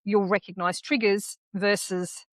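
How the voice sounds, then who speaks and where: A woman, co-hosting a casual podcast chat, speaking calmly and reflectively. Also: medium pitch, unhurried, no room sound. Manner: calm and reflective, affirming. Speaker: podcast co-host.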